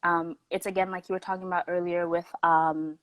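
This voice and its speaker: A woman's voice: lowish voice, flat delivery, a little fast, fairly bright tone, no echo, poor audio. A young woman with a Canadian accent, originally from South Africa, chatting casually as a guest and telling stories with lots of "like". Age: young adult. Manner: chatty storytelling, heavy use of "like". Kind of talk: casual chat.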